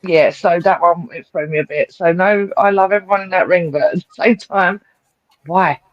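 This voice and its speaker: A woman's voice: on the low side, moderate pace, no echo, muffled recording. A woman co-hosting a casual wrestling podcast, blunt and swearing freely. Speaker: podcast co-host. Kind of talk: casual wrestling review chat.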